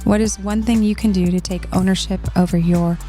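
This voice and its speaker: A woman's voice: mid-range voice, fairly even intonation, a little fast, dark tone, soft background music. A woman in her thirties hosting a coaching podcast, speaking earnestly and soothingly straight to her listeners. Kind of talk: heartfelt podcast chat.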